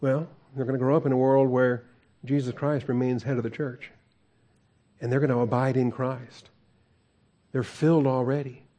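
A man's voice: mid-range voice, flat delivery, moderate pace, pauses often, mellow. A man preaching a conversational verse-by-verse sermon as a pastor, asking the congregation questions and chuckling often.

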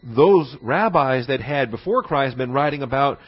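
A man's voice: medium pitch, animated, moderate pace, breathy edge. A man teaching a Bible class in a conversational lecture, often checking in with his listeners. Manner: conversational, checks in often with "all right?" and "see?". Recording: dull lo-fi recording.

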